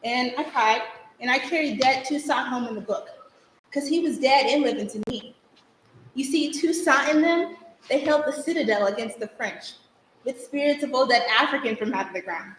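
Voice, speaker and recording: A young woman on stage performs a theatrical monologue as a spirited girl recalling her childhood, her storytelling vivid and rhythmic. Her voice is high and a bit bright at normal speed. The live stage recording is echoey with slight background noise.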